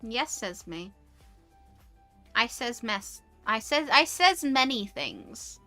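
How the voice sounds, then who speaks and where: British woman, streamer chat, animated, swears, bright voice, higher pitch. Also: slow, soft background music. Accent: British English. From United Kingdom. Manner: animated, ranting, swears freely. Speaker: VTuber streamer. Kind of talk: casual chat.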